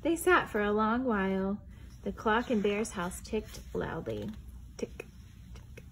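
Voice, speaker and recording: Animated woman reading a picture book. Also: medium pitch, measured pace, a little hiss or hum. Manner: expressive, asks the young listeners questions. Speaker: children's storytime reader. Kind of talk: picture book read-aloud for preschoolers.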